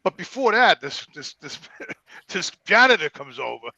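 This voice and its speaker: A man's voice: sits high, big pitch swings, normal speed, gravelly, bright, forceful tone, dry recording, dull audio. A man telling a rambling story on a podcast, repeating words and acting out the people in it.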